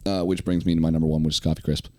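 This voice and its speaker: A man's voice: a bass voice, little pitch movement, racing, dark tone. A young man co-hosting a comedy podcast, chatting loosely and profanely with frequent fillers. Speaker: podcast co-host. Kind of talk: casual comedic chat.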